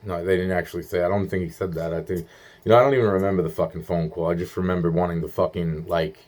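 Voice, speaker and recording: A man's voice: low-pitched, steady tone, quick pace, darkish tone. A young man rambling in a profane monologue, stumbling through restarts and acting out quoted voices.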